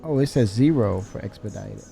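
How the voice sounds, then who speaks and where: Brief: male streamer, gravelly and dark, talks to himself slowly while playing, faint music behind. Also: fairly low pitch. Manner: muttering to himself, laughing, mock raging. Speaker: game streamer. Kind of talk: casual live game commentary.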